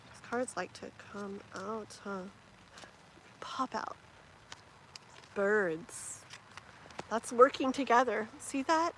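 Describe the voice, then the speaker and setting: A woman's voice: fairly high pitch, takes it slowly, long pauses, a bit bright, a little hiss or hum, low-quality recording. A woman giving tarot readings on a live stream, chatty and rambling with many fillers and restarts. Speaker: tarot reader.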